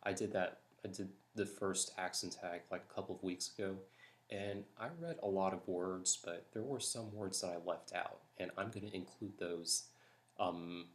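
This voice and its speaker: A man from Florida, talking softly and hesitantly late at night while doing a tag video. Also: deep voice, steady tone, normal speed. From Jacksonville, Florida. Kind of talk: accent tag reading. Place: house at night.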